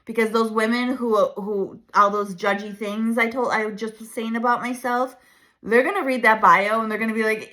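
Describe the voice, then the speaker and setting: A woman in her thirties coaching her viewers in a chatty, animated way, laughing often. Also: fairly high pitch, normal speed. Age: 30s. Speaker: branding coach. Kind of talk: casual coaching talk to camera.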